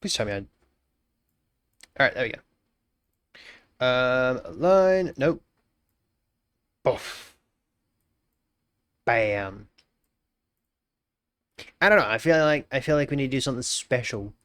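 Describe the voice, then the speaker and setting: A man's voice: mid-range voice, animated, slow pace, long pauses, fairly bright tone, clean tone, no echo. A young Australian man chatting casually on a live stream, musing aloud, repeating phrases and greeting viewers by name.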